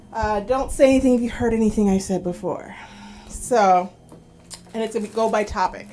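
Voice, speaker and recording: Fortyish woman comic with a higher voice. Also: fairly even intonation, a little slow, long pauses, dark tone, a little hiss or hum. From New York. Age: 40s. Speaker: stand-up comedian. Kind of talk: stand-up set at an open mic. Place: small comedy club stage.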